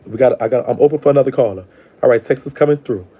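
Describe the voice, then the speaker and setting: A man's voice: medium pitch, racing, slightly rough. A man hosting a live call-in show, giving blunt, slangy advice. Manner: blunt, slangy, talks back to callers warmly. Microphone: live stream call-in setup.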